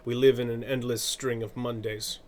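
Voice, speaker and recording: A male streamer talking casually to his viewers at a medium pitch. He rambles, laughs easily, and doubles back on his words as he thinks out loud. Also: little pitch movement, normal speed. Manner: chatty, rambling, laughs often, self-correcting. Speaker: streamer and artist. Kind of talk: casual live-stream chat.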